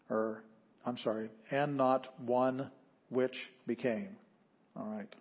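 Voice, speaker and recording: A man with a husky, slightly rough voice teaches an introductory Greek class. He explains grammar step by step and pauses to sound out each word. The recording is dull and lo-fi. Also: medium pitch, steady tone. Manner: explanatory, stops to sound out words. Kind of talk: classroom lecture. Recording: dull lo-fi audio.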